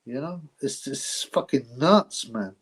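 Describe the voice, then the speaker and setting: A man's voice: mid-range voice, expressive, slow, fairly bright tone, breathy edge, low-quality recording. A man hosting a live boxing stream, chatting casually, rambling, laughing often and thanking his viewers.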